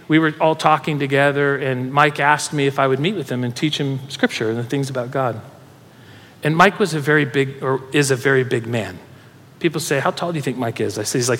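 A man preaching a sermon, telling a personal story in an animated way, laughing and getting emotional as he goes. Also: mid-range voice. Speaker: pastor. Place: church hall with audience. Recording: reverberant hall.

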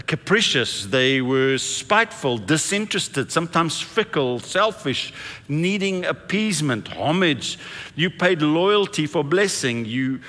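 A man preaching a sermon in a relaxed, conversational way, telling stories and acting out the voices of the people he quotes. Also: on the high side. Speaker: pastor. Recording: long reverb of a large hall.

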